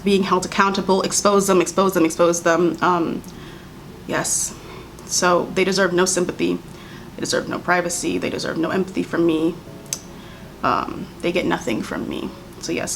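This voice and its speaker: A woman's voice: mid-range voice, moderate pace, a bit bright, a little hiss or hum. A young adult woman vlogging, speaking heatedly and emphatically, repeating her points and mimicking others mockingly. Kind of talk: impassioned commentary to camera.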